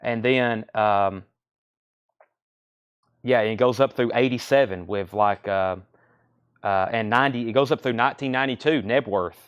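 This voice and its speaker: A man runs a live record sale, rattling off titles and prices in a brisk, casual patter. His voice is smooth and clear, at a middle pitch for a man. The sound is dry and close, with little room echo. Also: highs cut off. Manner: brisk auctioneer-style listing of titles and prices. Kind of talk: live-stream sales patter. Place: record shop.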